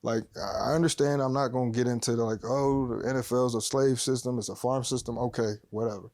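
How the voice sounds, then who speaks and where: Podcast guest, male, middle pitch, emphatic casual talker, dry sound. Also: quick pace, dry recording. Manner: animated, emphatic, conversational with slang.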